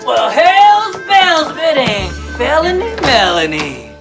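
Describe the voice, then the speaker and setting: An actor playing a flirty, brash small-town sheriff in a film clip. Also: male voice, very high-pitched, big pitch swings, slow, heavily acted. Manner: brash, folksy and loud. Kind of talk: film dialogue. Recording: film clip with loud music.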